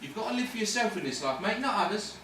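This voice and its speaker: A man's voice: sits high, animated, quick pace, bright, forceful tone, exaggerated voice. An actor playing a cynical, swaggering ladies' man in a hospital ward, lecturing in slang. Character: cocky London ladies' man, cynical patient. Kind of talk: amateur stage-style film acting. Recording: echoey room, distant mic, faint noise.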